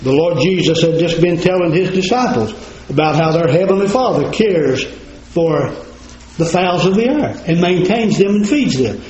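A man's voice: on the high side, lively intonation, moderate pace, darkish tone, slight background noise. A man preaching a sermon in a folksy, plain-spoken way, talking straight to his congregation. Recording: roomy, slightly dull recording.

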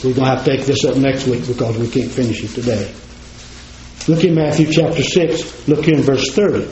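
Preacher guy, folksy and direct, high-pitched, faint hum behind. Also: a little mellow. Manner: folksy, plain-spoken, addresses congregation directly. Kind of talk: sermon. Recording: roomy, slightly dull recording.

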